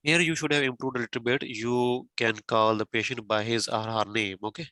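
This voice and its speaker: A man talks a learner through feedback on a practice speaking exam, patient and methodical, explaining point by point. His voice is bright and of middling pitch, and he fills the gaps with "okay" and "you know". The recording is dry and close. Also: fairly even intonation, a little fast, no room sound, low-quality recording. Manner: repeats "okay" and "you know" often, many fillers; patient, explains step by step with everyday examples. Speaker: tutor giving exam feedback.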